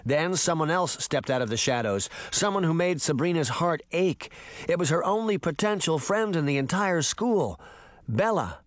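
Expressive male audiobook narrator. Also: on the high side, normal speed, dry recording. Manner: dramatic, expressive. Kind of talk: scripted narration.

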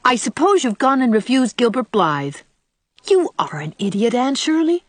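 A woman voicing a lively, teasing young woman friend who talks quickly and brightly. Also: fairly high pitch, no room sound, pitched above the performer's own voice.

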